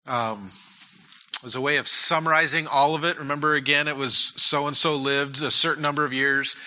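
Bright-voiced earnest male pastor. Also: fairly high pitch, fairly even intonation, moderate pace. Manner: earnest, repeats key points for emphasis. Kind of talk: sermon and prayer.

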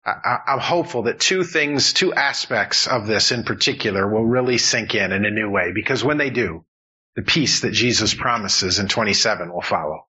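Male pastor, emphatic sermon delivery, bright with some huskiness, slightly muffled recording. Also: on the low side, moderate pace, breathy edge. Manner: earnest, emphatic preaching with repetitions.

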